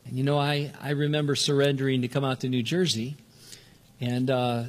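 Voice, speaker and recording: Speaking briskly and with a flat delivery, an older Southern Californian pastor gives an earnest sermon. He frequently restarts words and lifts his pitch for emphasis.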